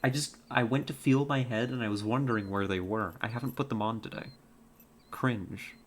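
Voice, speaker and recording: A woman's voice: a bass voice, moderate pace, a little hiss or hum. A woman streamer chatting casually with her chat while playing a hunting game, rambling with many fillers and restarts.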